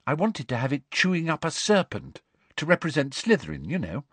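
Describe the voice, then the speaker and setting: A man's voice: on the high side, wildly swooping pitch, brisk, slightly rough, dry recording, voice pushed up, exaggerated voice. A man voicing a dreamy, vague teenage girl in an audiobook reading.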